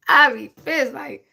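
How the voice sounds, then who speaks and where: Blunt, animated woman in her forties. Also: medium pitch. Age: 40s. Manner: blunt, animated, preachy advice with swearing. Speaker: livestream host giving advice to a viewer. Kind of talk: casual livestream chat.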